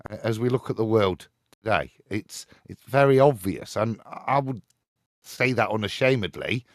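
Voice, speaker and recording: This is a man with a low voice that swings widely as he stresses his points on a live-stream panel. He sounds preachy and insistent, and the recording is dry and close. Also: expressive, measured pace, no room sound. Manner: emphatic, preachy, ends points with "eh?" and "yeah?".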